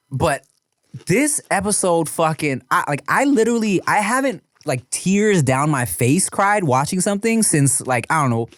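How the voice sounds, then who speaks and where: A man chatting on a podcast, his pitch jumping around as he tells stories and acts out what people said. He swears freely and talks in a loose, casual way. The sound is dry and close. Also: no room sound. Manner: animated storytelling, swears a lot, acts out quotes. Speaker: podcast co-host. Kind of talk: casual chat.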